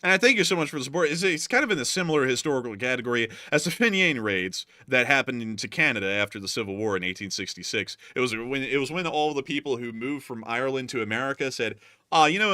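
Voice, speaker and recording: A man's voice: medium pitch, quick pace, few pauses, dry recording, studio quality. A man hosting a live news stream, reading super chats and answering them in a rambling, joking way. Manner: rambling, jokey, animated. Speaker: host.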